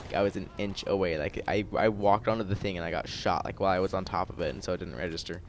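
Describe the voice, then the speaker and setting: Talking fast, a teenage boy on a gaming YouTube channel gives rambling commentary over his play, stuffed with fillers and restarts. He keeps erupting into frustrated rants in a slightly low voice, over a faint background hiss.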